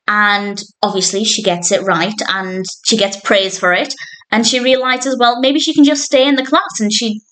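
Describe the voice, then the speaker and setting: A film and TV reviewer talks through a TV episode in a casual spoken review, enthusiastic, chatty and often laughing. Her voice is medium-pitched and a bit bright.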